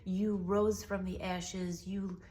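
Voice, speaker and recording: A young woman giving an emotional, soothing intuitive reading straight to the listener, often dropping into soft whispers. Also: mid-range voice, level tone, slow pace. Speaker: tarot reader.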